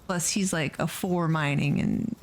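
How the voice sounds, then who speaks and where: A woman's voice: mid-range voice, lively intonation, normal speed. A woman hosting a let's play video, giving casual, chatty gameplay commentary and gushing over the creatures she raises.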